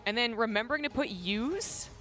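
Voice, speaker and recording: A woman's voice: fairly high pitch, normal speed, sharp tone. A Canadian woman co-casting a strategy game match, playful and laughing often as she analyzes. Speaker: esports co-caster. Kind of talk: color commentary. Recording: faint music behind.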